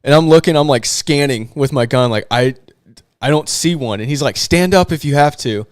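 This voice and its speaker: A man co-hosts a podcast in casual chat, telling stories animatedly and acting out quotes. His voice is medium-pitched at a moderate pace, with a dry recording and clean studio sound.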